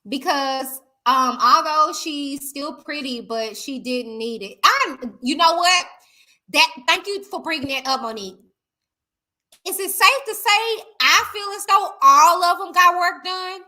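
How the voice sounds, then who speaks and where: A woman with a high voice hosts a casual live stream at a measured pace, chatting and reading viewer comments aloud. She's chatty and animated, talking straight to her viewers and calling them "y'all."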